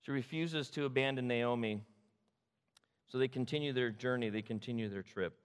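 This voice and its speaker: A man from the Sacramento area preaching a sermon, retelling the story with animated repetition. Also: medium pitch, normal speed, clean tone, long reverb tail. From Sacramento area, California. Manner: animated storytelling, repeats phrases. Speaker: pastor.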